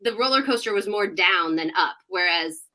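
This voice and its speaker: Bright-voiced woman telling lively stories. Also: mid-range voice, normal speed. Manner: animated storyteller, laughs often. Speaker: sports reporter guest. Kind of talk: casual podcast interview.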